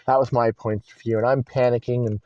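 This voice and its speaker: A man's voice: mid-range voice, flat delivery, brisk, warm tone, no room sound, lo-fi sound. A young man telling a personal story in a rambling, candid way, full of fillers and swearing. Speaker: vlogger.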